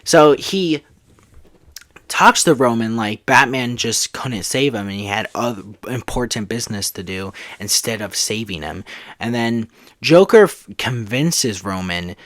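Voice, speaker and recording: A man's voice: medium pitch, animated, a little slow, fairly bright tone. A man casually retelling a made-up movie plot, rambling with many fillers. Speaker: storyteller.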